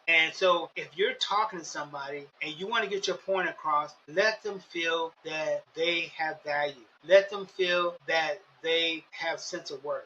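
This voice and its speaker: A man's voice: sits high, sharp tone, lo-fi sound, slight background noise. A man hosting a podcast, giving earnest, repetitive, preacher-like advice on communication. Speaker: podcast host. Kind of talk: motivational podcast talk.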